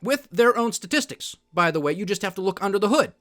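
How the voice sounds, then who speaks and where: Sardonic male podcast host, higher voice, emphatic solo rant on markets. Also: animated, quick pace, a bit bright. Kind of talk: solo political and market commentary.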